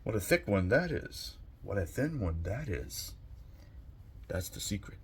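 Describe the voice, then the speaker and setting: A man voicing a calm older male Zen master, speaking quietly and cryptically in a parable. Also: lowish voice, measured pace, husky, full character voice. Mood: serene.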